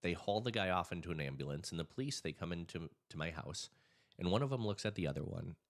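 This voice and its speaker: A man's voice: sits low, quick pace, creaky. A man who works as a hypnotist and anxiety coach tells a story to camera in a casual way, then gives advice, acting out the voices of people in the story. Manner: animated storyteller, acts out quoted voices.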